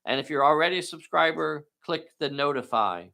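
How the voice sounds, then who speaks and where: Man, tabletop host, enthusiastic, folksy, crisp bright tone. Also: fairly high pitch, expressive, fairly quick. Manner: folksy and enthusiastic, talks to viewers directly. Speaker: game master and host. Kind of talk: live narration of a tabletop game.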